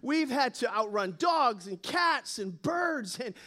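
A man voicing a group of small, nervous, excited mice in a joke, squeaky and high. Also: takes it slowly, heavily acted.

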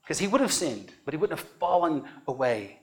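A man's voice: a little high, big pitch swings, a little fast. A man preaching a teaching sermon, earnest and emphatic, stressing key words and checking in with "right?".

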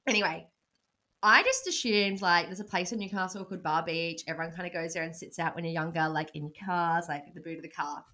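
A woman in her twenties with an Australian accent, co-hosting a casual podcast and telling stories with lively quoted asides. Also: on the low side, fast. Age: 20s. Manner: storytelling, swears freely, animated quoted asides. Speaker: podcast co-host. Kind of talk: casual chat.

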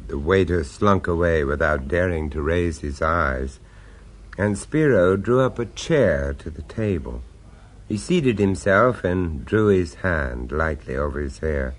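A man's voice: low-pitched, lively intonation, measured pace. A man narrating and acting in a radio drama, mild and polite, a little hesitant in dialogue.

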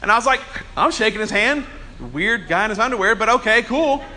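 A man preaching a Sunday sermon, telling humorous, chatty stories and slowing down to press points home. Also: high voice, lively intonation, sharp tone, slight background noise. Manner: earnest preaching with slow emphasis. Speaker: pastor.

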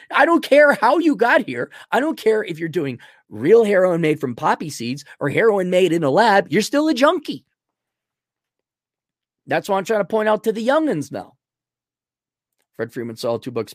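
A man hosting a podcast, reading out donor messages and answering them in blunt, crude, rambling talk that swings from loud outbursts to low muttering. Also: dry recording, clean studio sound. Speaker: podcast host. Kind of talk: livestream donation reading.

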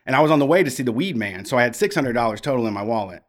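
A man's voice: mid-range voice, animated, racing. A man telling long personal stories on a podcast, frank and profane, rambling with restarts. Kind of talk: casual storytelling.

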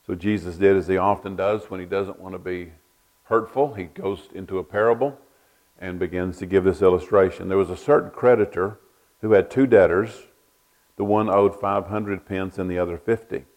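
A male pastor, delivering a sermon in a lowish voice. He talks in a folksy, storytelling way, often repeating words as he builds his point. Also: normal speed.

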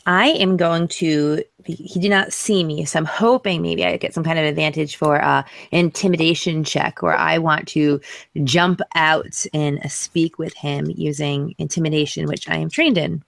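Tabletop player, gravelly mid-range voice, dry close sound. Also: medium pitch, steady tone, normal speed, a bit bright, no echo. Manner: hesitant, rules-focused talk. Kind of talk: playing a tabletop game.

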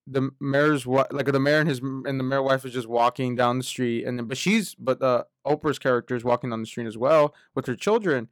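A man's voice: mid-range voice, fairly even intonation, a little fast, few pauses, dry recording, clean studio sound. A man in casual conversation, telling a story animatedly and acting out the voices of the people in it. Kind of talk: casual chat.

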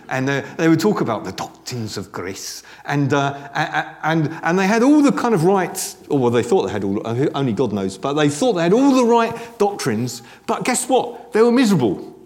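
A man preaching to a responsive congregation, his voice sitting a little high for a man. He talks in a chatty, joking way, and his pitch swings widely as he drives his points home. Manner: animated, conversational, joking asides. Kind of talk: sermon. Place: church service with congregation responding.

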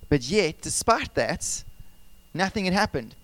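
A man preaching a sermon as pastor, animated and conversational, asking his congregation questions and telling personal stories. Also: high-pitched, measured pace, dry recording. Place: church service.

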